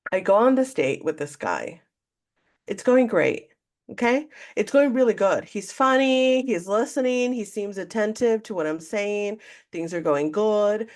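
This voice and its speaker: A woman co-hosting a podcast, telling a candid story in casual chat and acting out what people said. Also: medium pitch. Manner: candid, animated storytelling, acts out quotes. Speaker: podcast co-host.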